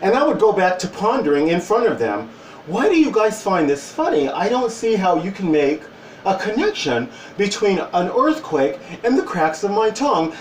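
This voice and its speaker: Man in his forties, animated and roomy. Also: high voice, a little hiss or hum. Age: 40s. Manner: animated, wry storytelling with quoted voices. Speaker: vlogger. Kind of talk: casual storytelling. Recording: roomy, distant from the mic.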